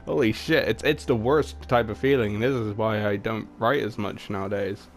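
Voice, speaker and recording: A man's voice: lowish voice, steady tone, normal speed, faint music behind. A young man reading his own comedic fan fiction aloud, with crude, swearing, self-mocking asides. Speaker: fan-fiction writer and reader.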